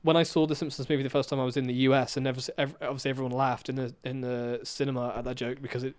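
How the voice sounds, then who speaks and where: Rambling podcast host. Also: male voice, mid-range voice, level tone, very fast, clear, resonant tone. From England. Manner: rambling, restarts mid-sentence, trails off quietly. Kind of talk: casual chat.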